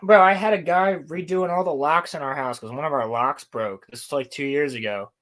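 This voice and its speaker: Young man, podcast host, casual chat, animated storyteller, swears a lot. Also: a little high, fairly quick.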